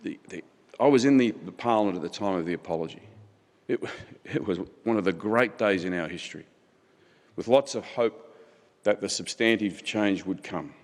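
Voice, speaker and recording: A middle-aged man delivers a conference keynote with passion, stacking his points in repeated phrases. His voice sits a little low. The sound carries the long reverb of a large hall. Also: normal speed. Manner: impassioned, rhetorical repetition. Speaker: keynote speaker.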